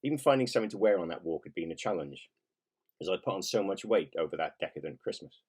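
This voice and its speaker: A man's voice: deep voice, expressive, fast talker, a little mellow, slightly rough. A man in his fifties, an author reading his own nonfiction aloud in a wry, self-mocking way with casual swearing. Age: 50s.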